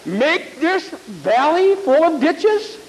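A man's voice: very high voice, very animated, slow pace, in a large hall, voice pushed up, exaggerated voice, rough recording. A man preaching plays indignant royal kings in a sermon story, whining and impatient. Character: indignant proud royal kings, grown men.

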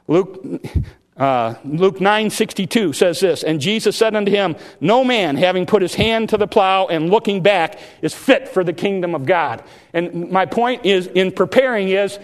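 A man preaches a folksy, impassioned sermon, retelling Bible stories in plain talk and acting out the dialogue. His pitch climbs when he exhorts. He sounds animated and speaks a little slowly.

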